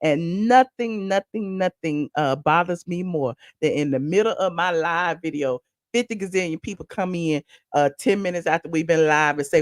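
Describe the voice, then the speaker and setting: A woman from Atlanta, hosting a casual live stream with animated, rambling asides. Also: deep voice, fairly quick, dry recording, studio quality. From Atlanta, USA. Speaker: host.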